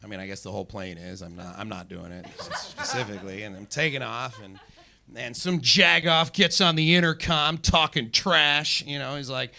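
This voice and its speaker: A man's voice: medium pitch, moderate pace, creaky, sharp tone, a little hiss or hum. A young man doing a stand-up comedy set on a club stage, rambling and self-deprecating with lots of fillers.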